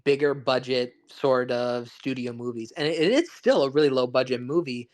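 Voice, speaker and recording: A man's voice: mid-range voice, moderate pace, a little mellow. A man co-hosting a podcast, talking through a film in a loose, rambling, analytical way with lots of restarts. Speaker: podcast co-host. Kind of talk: casual film discussion.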